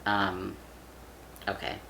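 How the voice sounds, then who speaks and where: A young man chatting casually to camera, with a gravelly, fry-edged voice that still sounds bright and forward. He rambles, leans on fillers and swears offhandedly. There's a faint hiss underneath. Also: low-pitched, monotone, very slow. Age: young adult. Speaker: vlogger. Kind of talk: casual chat.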